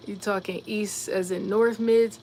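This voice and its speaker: A mid-range, mellow voice with a steady tone belongs to a Virginia woman hosting a casual livestream. She reflects, answers chat comments directly, and tosses in quick asides and fillers, while slight background noise lingers.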